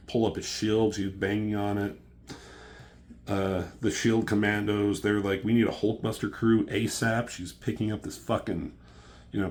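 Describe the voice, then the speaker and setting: Male comic reviewer, fairly low-pitched, loose and profane, excitable play-by-play recap. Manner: profane, excitable, filler-heavy retelling.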